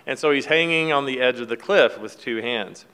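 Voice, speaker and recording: A man's voice: medium pitch, normal speed, bright, forceful tone, clean tone. A man giving a casual devotional talk, retelling a film scene in a folksy, rambling way with fillers and restarts. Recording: long hall reverb.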